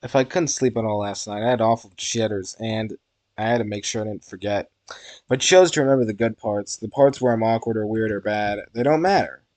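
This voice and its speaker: A man reading the inner monologue of an anxious, self-conscious teenage schoolgirl in a visual novel, in a nervous, rushed way. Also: on the low side, a little mellow, no room sound, lightly acted.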